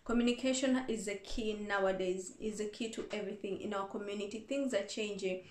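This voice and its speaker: A woman's voice: mid-range voice, steady tone, brisk, darkish tone. Earnest woman reverend in echoey room. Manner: earnest, repeats points for emphasis. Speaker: reverend answering viewer questions. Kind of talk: casual advice talk.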